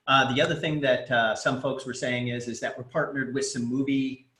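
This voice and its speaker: A man's voice: mid-range voice, fairly even intonation, normal speed, pushed and bright. A man co-hosting a casual business recap, who chimes in with agreement and often chuckles. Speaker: company co-host. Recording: roomy echo.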